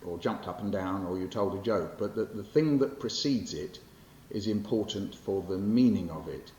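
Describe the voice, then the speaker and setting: Low-voiced older man lecturing in a roomy hall. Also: moderate pace, darkish tone. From England. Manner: conversational and wry, with frequent fillers and self-corrections. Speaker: poet giving a public lecture. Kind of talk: lecture with poetry readings. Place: library lecture hall with an audience. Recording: roomy, muffled hall recording with faint hiss.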